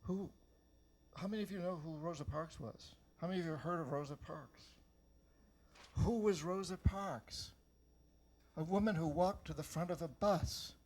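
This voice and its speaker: This older man from New Hampshire, USA, is an author delivering a stirring motivational speech to a live crowd, mixing stories with pointed questions for the audience. His voice sits on the high side with a darkish tone, and he speaks at normal speed but pauses often.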